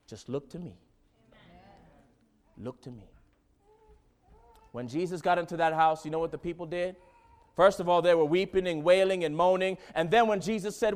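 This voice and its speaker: Male preacher, high voice, fervent delivery that moves from hushed to loud. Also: normal speed, pauses often, clean tone. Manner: dramatic swings from hushed to loud, preaching with fervor. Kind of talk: sermon.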